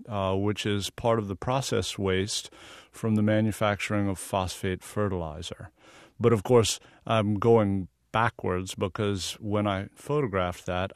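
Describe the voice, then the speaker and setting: Low-voiced man telling stories in an interview. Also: no room sound, studio quality. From American South. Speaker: guest photographer. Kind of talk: radio interview.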